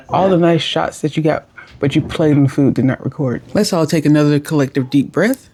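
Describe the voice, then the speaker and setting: Animated, exasperated young woman vlogger. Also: sits low, slight background noise. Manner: animated and exasperated, self-deprecating. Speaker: cooking vlogger. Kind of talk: casual storytelling voice-over.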